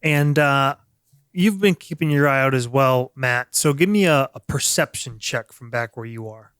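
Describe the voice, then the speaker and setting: A man running a tabletop game as game master, narrating scenes in a relaxed way with frequent pauses. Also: mid-range voice, smooth, no echo, clean studio sound. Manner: relaxed, hesitant with fillers.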